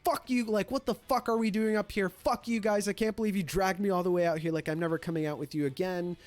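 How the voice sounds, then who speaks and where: A man's voice: sits high, fairly even intonation, quick pace, close to an everyday voice. A man quoting his curmudgeonly cousin in an angry, swearing rant. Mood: furious.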